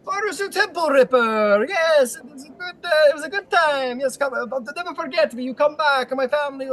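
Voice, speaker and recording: Man voicing a gnome carriage driver, shrill, high, shouting, boastful, Italian-flavored bluster. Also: animated, brisk. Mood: yelling, boastful. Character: loud excitable male gnome carriage driver.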